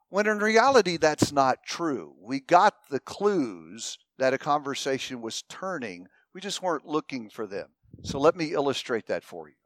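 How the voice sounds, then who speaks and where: A man's voice: mid-range voice, no echo. A man teaching a group, talking the audience through an illustration and putting questions to them. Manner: animated storyteller, asks the audience questions. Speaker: speaker teaching a class. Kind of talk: teaching talk with acted-out anecdotes.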